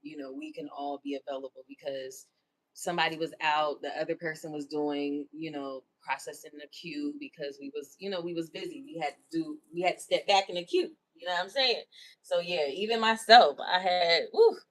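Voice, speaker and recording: Speaking briskly in a deep voice, this female livestream host chats casually. Candid and self-affirming, she keeps checking in with "you know what I'm saying?"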